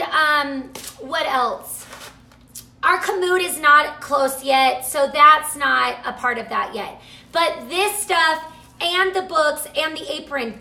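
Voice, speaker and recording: A woman hosting a live cooking chat from her home kitchen, gushing excitedly and reading out viewer comments to her camera. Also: high-pitched, echoey room. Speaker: cooking show host selling products. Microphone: camera mic, moves off camera at times.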